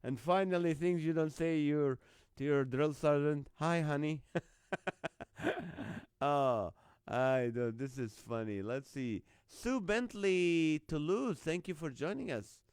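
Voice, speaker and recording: A man's voice: on the high side, slow, darkish tone, smooth, dry recording. A man hosting a live online comedy show, reading out viewer jokes, greeting viewers by name and laughing often at the lines.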